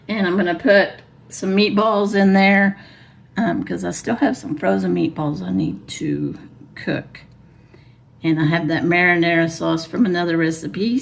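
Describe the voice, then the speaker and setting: Chatty hoarse woman with gravelly fry. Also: mid-range voice. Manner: chatty, rambling, laughs often. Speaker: vlogger. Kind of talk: casual chat. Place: truck camper.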